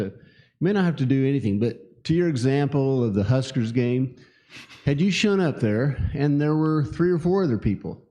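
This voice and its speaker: A man in a church class offering a calm, measured thought to the group. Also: mid-range voice. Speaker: class member. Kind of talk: casual group discussion.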